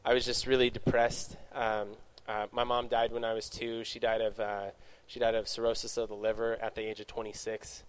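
A man's voice: lowish voice, completely flat delivery, clean tone. A man speaking casually to young adults, telling his own story in a Q&A and correcting himself often as he talks. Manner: rambling, self-correcting, quick asides. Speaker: youth speaker.

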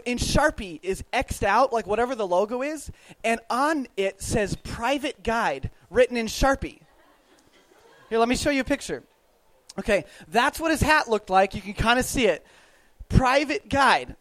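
A young man with a high voice tells a travel story to a live audience. He talks casually, stumbles through restarts and "like"s, and stays animated throughout. The sound is close and dry, with no room echo. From United States. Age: young adult.

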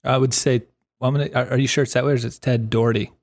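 Man, mid-pitched voice, podcast co-host, eager and animated. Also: racing. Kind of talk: casual chat.

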